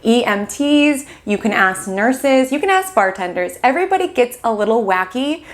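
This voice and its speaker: A young woman with a slightly high voice talks through an astrology forecast in a loose, chatty way. She leans on "like" and slips into quick acted-out quotes of everyday scenes. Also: animated. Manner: chatty, lots of "like", acts out little quoted scenes. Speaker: astrologer host. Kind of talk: casual forecast monologue.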